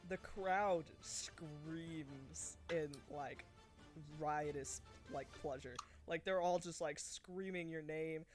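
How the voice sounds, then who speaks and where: A man with a fairly high voice narrates a tabletop game as the game master. He talks loosely and eagerly, piling up fillers as he describes the scene. Soft music plays faintly behind him. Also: takes it slowly. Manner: relaxed, enthusiastic narration with many fillers.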